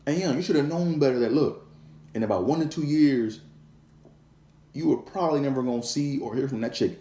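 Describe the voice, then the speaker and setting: A man's voice: mid-range voice, mellow, voice pushed up. A man playing a blunt version of himself who crudely scolds and mocks his younger self. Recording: echoey room.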